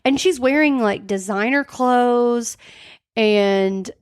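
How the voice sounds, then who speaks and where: A woman's voice: a little high, takes it slowly, clean tone. A woman co-hosting a podcast in casual chat, telling a story with lots of "like" fillers and acting out the quoted lines. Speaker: podcast co-host. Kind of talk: casual true-crime chat.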